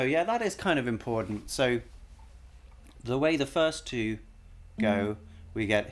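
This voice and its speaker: A man's voice: fairly low pitch, unhurried. Man humming melodies while explaining music. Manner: sings snippets of melody to demonstrate, corrects himself often. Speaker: music analysis streamer. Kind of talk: casual live-stream music analysis.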